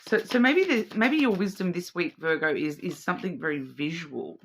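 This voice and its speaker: At a normal pace, a female card reader hosts her weekly oracle reading in a low, slightly rough, somewhat bright voice. Animated, she thinks out loud and circles back over words as she hunts for their meaning. She speaks straight to the listener, often asking "okay?".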